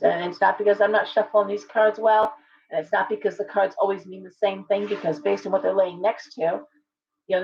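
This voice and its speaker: A woman with a mid-range voice and vocal fry hosts a casual tarot reading on a live stream, thinking aloud with chatty restarts and greeting viewers by name. The stream audio is dull and lo-fi.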